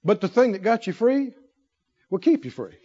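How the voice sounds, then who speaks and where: A man preaching a sermon in an animated way, firing rhetorical questions and breaking into laughter. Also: high voice, moderate pace. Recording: dull lo-fi recording.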